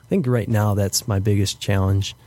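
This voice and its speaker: A man's voice: fairly low pitch, steady tone, moderate pace, mellow. A young man answering interview questions as a guest, thoughtful and hesitant, with frequent fillers and restarts. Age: young adult. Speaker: podcast guest.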